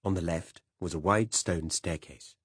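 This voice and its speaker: Deep husky male audiobook narrator. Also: unhurried, no echo, studio quality. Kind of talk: first-person audiobook narration.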